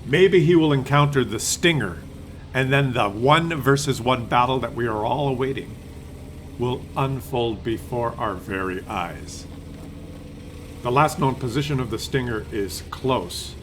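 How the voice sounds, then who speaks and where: A man's voice: medium pitch, measured pace, a little hiss or hum. A man giving casual, playful commentary on a tank game replay, rambling and teasing as he goes.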